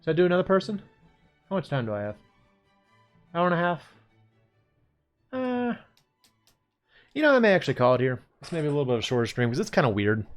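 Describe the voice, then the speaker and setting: Laid-back man chatting while drawing. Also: mid-range voice. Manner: rambling, laid-back, chuckling to himself. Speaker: streamer. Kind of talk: casual chat while drawing.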